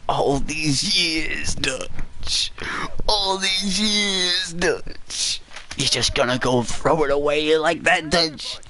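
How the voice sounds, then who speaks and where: A man putting on a clingy outlaw sidekick, high giggly voice, breathy half-whisper, slow drawn-out words. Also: pushed and bright, slight background noise, full character voice, rough recording. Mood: fawning.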